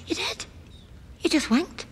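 An actress playing a nosy, easily scandalised aunt with a Derry accent in a sitcom. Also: female voice, unhurried, natural voice. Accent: Derry, Northern Irish. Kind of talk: sitcom acting. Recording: TV audio with clear background noise.

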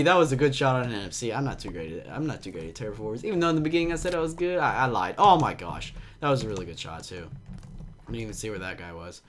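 A young man giving excitable, jumpy commentary on a game, with a slight cough and frequent yelps and laughs. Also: fairly low pitch, fast talker. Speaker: gaming commentator. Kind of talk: casual Minecraft gameplay commentary.

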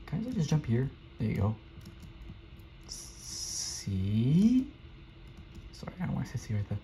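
Here a young gaming streamer talks very fast in a mellow, sing-song voice of medium pitch, rambling casually about his play and muttering to himself when frustrated. Faint hiss runs under the dull lo-fi recording.

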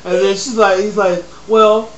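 A man's voice: high-pitched, moderate pace. Young man telling a crude funny story. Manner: animated, crude, laughing. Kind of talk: casual comedic storytelling. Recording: roomy echo, faint noise.

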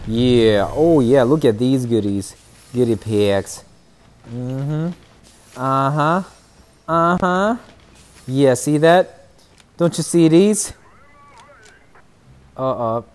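A man streaming a shooter game keeps up casual commentary, chatting with viewers and teasing opponents with playful trash talk. His voice is medium in pitch, expressive and a little mellow, with a slow pace and long pauses.

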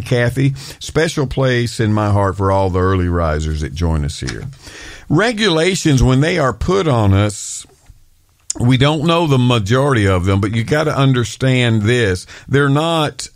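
A man from the United States hosting a solo podcast for live viewers, ranting about rules in an animated, excitable way. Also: medium pitch, no echo, clean studio sound. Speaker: podcast host.

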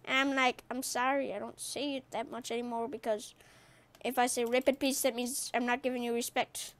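A woman giving excited gaming commentary as a YouTuber, trash-talking playfully with loud outbursts. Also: fairly high pitch, fairly quick.

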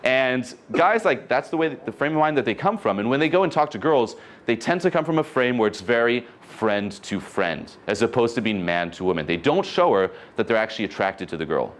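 A man coaching an audience on dating, talking in an animated way and acting out conversations. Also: medium pitch, brisk, hardly any pauses.

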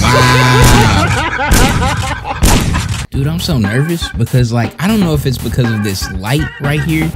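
A young man in mid-range pitch narrates his own game as he plays. He jumps between nervous muttering and joking boasts. Game music plays clearly beneath his voice. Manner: jumpy, joking, talks to himself. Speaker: gamer. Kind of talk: let's-play commentary.

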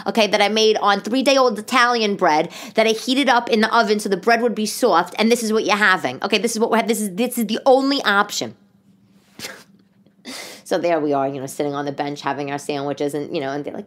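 A woman's voice: medium pitch, fairly quick. A woman, telling comic stories in a loose, chatty monologue full of asides. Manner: chatty, animated, many restarts and asides. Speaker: podcast host, stand-up comedian. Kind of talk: casual comedic monologue.

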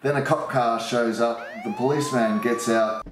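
A man reading a comic story aloud in a playful manner, giving deadpan one-word answers. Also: mid-range voice, normal speed, very noisy. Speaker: comedian guest. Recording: echoey room, mic at a distance.

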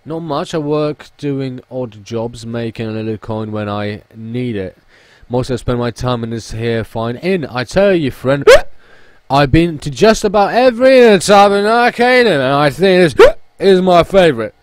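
A man doing a gruff tavern drifter. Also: mid-range voice, expressive, normal speed, dry recording, lightly acted. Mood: grumbling.

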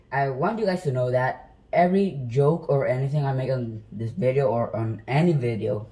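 A man's voice: medium pitch, mellow. Rambling, joking man in a home kitchen. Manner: joking, self-deprecating, rambling with restarts. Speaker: home cooking vlogger. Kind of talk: casual rambling how-to chat. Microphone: phone.

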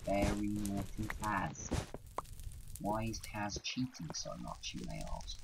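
A man's voice: on the low side, expressive, a little slow, vocal fry, pauses often, a little hiss or hum, rough recording. A man giving casual gameplay commentary, frustrated and self-mocking, sometimes talking about himself in the third person. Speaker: gaming commentator.

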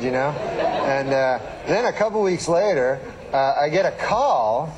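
A man telling a talk-show anecdote in a rambling, deadpan way, full of filler phrases, in a noisy archive clip. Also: on the high side, a little slow. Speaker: comedian telling a story.

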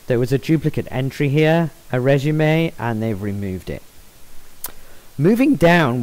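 Man explaining software, slightly high voice. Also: low-quality recording. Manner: measured, explanatory, with frequent ums and self-corrections. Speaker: software tutorial presenter. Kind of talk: screen-recorded software walkthrough.

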